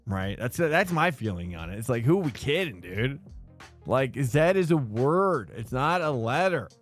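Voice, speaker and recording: Man, sim racing streamer, casual chat, says dude a lot, animated pitch, faint music behind. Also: moderate pace. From United States. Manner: loose and chatty, says dude and bro a lot.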